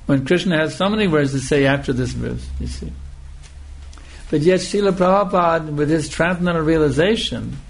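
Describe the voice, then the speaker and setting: A man's voice: fairly high pitch, vocal fry. Man giving an emphatic scripture lecture. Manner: slow, emphatic, repeating phrases for emphasis. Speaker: spiritual teacher.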